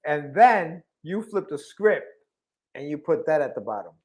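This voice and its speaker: A man hosting a podcast, chatting casually in excitable, playful banter full of slang. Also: on the high side, measured pace. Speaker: podcast host. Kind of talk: casual chat.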